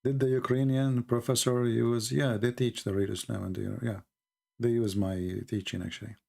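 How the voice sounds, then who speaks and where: A man hosting a casual livestream, rambling and animated, often mocking people in put-on voices. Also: medium pitch, moderate pace, creaky. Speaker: livestream host.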